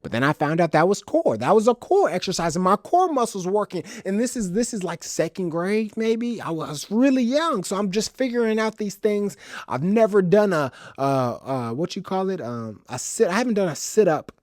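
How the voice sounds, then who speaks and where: A young man from the Chicago suburbs hosts a solo podcast and spins stories with animated, comic exaggeration and casual slang. His voice sits a little high for a man. It sounds dry and close. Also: moderate pace, dry recording. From Chicago's South Side suburbs, Illinois. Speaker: podcast host. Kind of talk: solo storytelling monologue.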